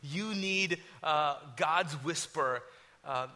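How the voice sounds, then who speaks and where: Man, pastor, high pitch, very bright forceful tone, energetic, joking. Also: extremely slow. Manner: energetic, joking, self-deprecating; animated storytelling. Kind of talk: sermon and prayer.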